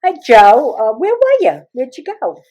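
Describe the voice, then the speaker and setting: A woman putting on a fiery Italian-American mother, shrill, high and loud, blowing up at her cheating husband. Her pitch leaps wildly. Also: very animated, slow pace. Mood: falsely sweet. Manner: shrill, screaming in rage.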